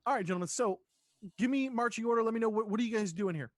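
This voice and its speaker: A man runs a tabletop game with a high voice, recorded dry and close. He explains the rules loosely, with frequent ums and laughs. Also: racing, dry recording. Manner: laid-back, laughing, many fillers. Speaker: dungeon master.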